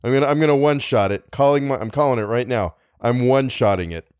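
Dude hosting a story podcast, jokey and self-deprecating, mid-pitch voice, dead dry sound. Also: male voice, fast talker, a little mellow, no echo. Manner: playful, self-mocking, exaggerated groaning. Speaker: podcast host and reader. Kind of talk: casual podcast outro and outtakes.

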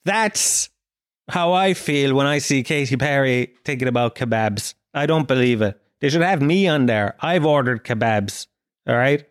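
A man's voice: medium pitch, normal speed, dry recording, studio quality. A man hosting a comedy podcast, ranting in a profane, self-mocking monologue. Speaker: podcast host.

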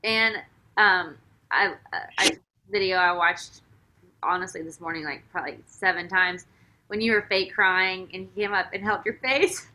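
Female host, conversational; bright voice, lively and informal questioning. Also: fairly low pitch, normal speed, rough recording. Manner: warm, animated, casual with frequent "like". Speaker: interviewer, host. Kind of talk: conversational interview.

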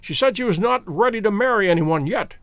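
A fussy old professor clucks and tuts in a high, lively voice, as a male audiobook reader puts him on. He sounds absent-minded and easily flustered, with pitch that leaps about. The recording is close and dry. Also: a little fast, dry recording. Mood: rueful. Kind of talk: audiobook character voice.

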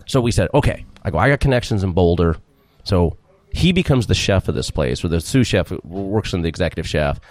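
A man's voice: low voice, expressive, fast talker, a little mellow, dry recording. A middle-aged man telling a long story in a casual interview, rambling, acting out quotes and laughing often. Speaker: restaurant owner, guest.

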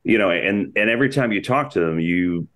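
A man with a very low, deep voice talks about athletes he works with. His speech is loose and rambling, full of restarts, fillers and slang, in an easygoing podcast chat. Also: expressive, fairly quick, fairly bright tone. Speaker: sports broadcaster guest.

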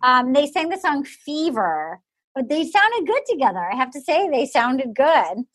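A woman's voice: sits high, very animated, measured pace. A woman co-hosting a podcast, chatting casually and acting out what people said. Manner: chatty, acts out quotes in voices. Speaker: podcast co-host. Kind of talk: casual chat recapping a reality show.

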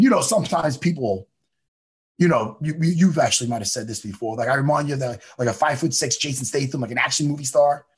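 A man co-hosting a casual chat, animated and profane, slipping into impressions. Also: fairly high pitch, slightly rough. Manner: animated, swearing, doing impressions. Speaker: podcast co-host.

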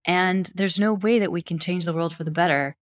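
A woman from Wyoming, USA hosts a podcast, enthusiastically gushing as she introduces her guest and chats in an interview. Her pitch is fairly low, and she talks a little fast.

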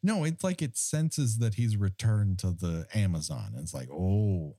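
A man's voice: on the low side, huge pitch swings, moderate pace, warm tone, dry recording, clean studio sound. A man co-hosting a podcast in casual chat, ranting with wry, mock-indignant humor. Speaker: podcast co-host.

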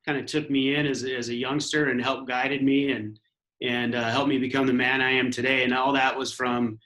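A man's voice: medium pitch, little pitch movement, normal speed, bright, forceful tone, roomy sound, rough recording. A man from Arizona, a guest in a casual interview, speaking unhurriedly with frequent restarts. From Arizona, USA. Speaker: guest, commercial real estate owner.

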